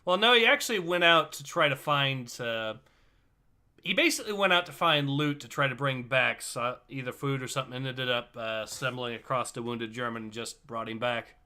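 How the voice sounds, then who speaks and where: A man's voice: medium pitch, normal speed, pushed and bright, clean tone. A man leading a casual group discussion and recounting details from a book, with fillers between thoughts.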